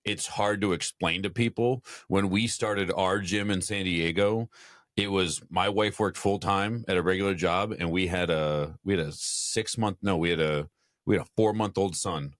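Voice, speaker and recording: A man's voice: low voice, moderate pace, no echo, studio quality. A man hosting a podcast, chatting casually in a rambling way, full of fillers and the odd swear. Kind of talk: casual chat.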